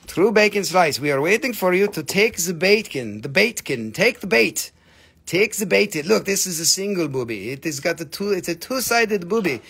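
High, gravelly-voiced joking man. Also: very animated, a bit bright. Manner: playful, joking, swearing, rapid banter. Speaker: live-stream seller of crystals and minerals. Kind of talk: live online sales stream.

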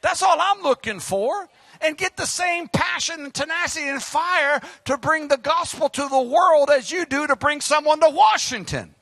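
Preacher guy, high-pitched and all over the place, cracking jokes then hollering. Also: moderate pace, dry recording. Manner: animated preaching, joking asides, shouted exhortations. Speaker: pastor. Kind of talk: fiery sermon.

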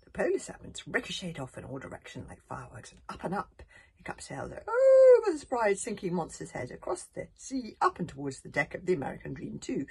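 Woman reading a kids book out loud, lots of ups and downs, drops to a whisper, slightly low voice. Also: brisk, vocal fry, slightly rough. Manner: expressive, drops to whispers, laughs at slips and adds asides. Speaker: reader. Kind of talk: reading a children's book aloud.

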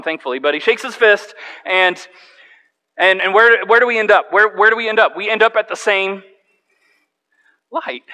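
A man preaching a sermon from a church stage as a pastor, telling a personal story in an animated way and repeating words when he restarts. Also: sits high, poor audio.

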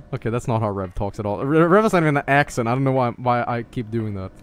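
Excitable, swearing male game streamer. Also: mid-range voice. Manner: excitable, profane, laughing reactions. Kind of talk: live game stream commentary.

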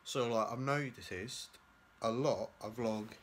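A man's voice: mid-range voice, takes it slowly, slight background noise. Rambling self-mocking young man. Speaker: vlogger. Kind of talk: casual vlog chat. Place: at home, indoors and out. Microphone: handheld camera at arm's length.

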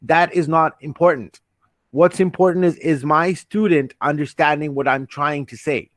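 Speaking at normal speed in a fairly high, slightly bright voice without echo, a man hosts an online training session on a video call using a computer mic. He's earnest and reassuring, restarts sentences often, and voices questions from the chat.

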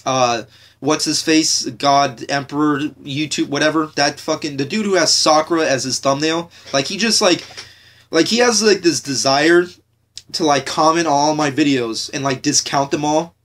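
A man's voice: on the high side, normal speed, a bit bright. Cursing, ranting young man on a podcast. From United States. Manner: profane, repetitive, frequent fillers and restarts. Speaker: podcast host. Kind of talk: casual ranting monologue.

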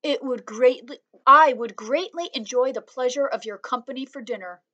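A woman's voice: sharp tone, muffled recording. A woman voicing a cheeky, giggly boy. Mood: teasing. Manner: high and drawn-out, mock-proper.

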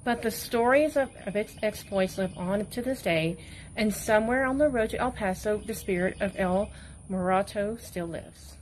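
A woman school media specialist reading a tall tale aloud at a steady pace, with a few stumbles. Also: mid-range voice, moderate pace, a little hiss or hum, rough recording. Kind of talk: storybook read-aloud.

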